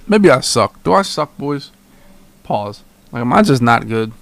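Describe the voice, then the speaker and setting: A man's voice: mid-range voice, sing-song, unhurried, creaky, fairly bright tone, no echo. A young man streaming a football video game, giving hyped, trash-talking live commentary to his chat and repeating himself as he plays. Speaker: gaming streamer.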